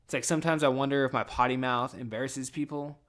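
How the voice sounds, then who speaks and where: A man's voice: medium pitch, fairly even intonation, fast talker, a bit bright. A young man hosting a podcast, rambling casually from his room at home with plenty of swearing. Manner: rambling and profane, laid-back. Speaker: podcast host. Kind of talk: casual solo podcast chat.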